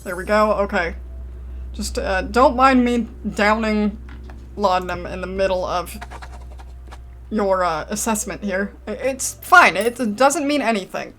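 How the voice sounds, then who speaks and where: A let's play gamer, this woman gives casual commentary, chatting, poking fun at herself, reading game text aloud and reacting with exasperated outbursts. Her voice is medium-pitched and fairly bright, her pace measured, with slight background noise.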